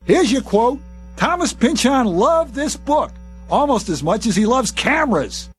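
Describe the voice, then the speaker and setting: A brash Long Island cartoon author. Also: male voice, very high-pitched, sing-song, unhurried, slightly rough, faint music behind, exaggerated voice. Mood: wry. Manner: loud carnival-barker hustle. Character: reclusive male author with paper bag on his head, hawking. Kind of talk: animated cartoon voice acting.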